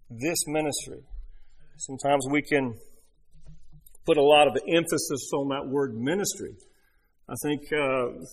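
A middle-aged man preaching a sermon, asking his listeners rhetorical questions and leaning on emphatic pauses. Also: a little high. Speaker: pastor.

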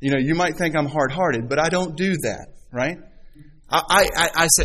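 A man preaching a sermon in a bright, forceful voice that sits a little high for a man. He talks to the congregation in a chatty, joking way and slips into put-on voices for quotes. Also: a little fast, poor audio. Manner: conversational, playfully acts out quoted voices. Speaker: pastor.

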